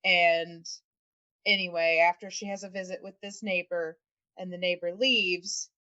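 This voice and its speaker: A woman's voice: fairly low pitch, fairly even intonation, measured pace, sharp tone, lo-fi sound. A woman co-hosting a podcast, chatting casually and laughing often, with plenty of fillers. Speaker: podcast co-host.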